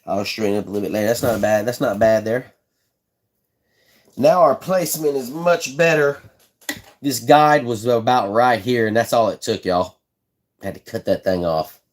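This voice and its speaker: Medium in pitch and moderate in pace, his speech pauses often as he hosts a live stream casually showing how he builds fishing rods. He is laid-back and folksy, chatty and repetitive, and answers viewers in the chat.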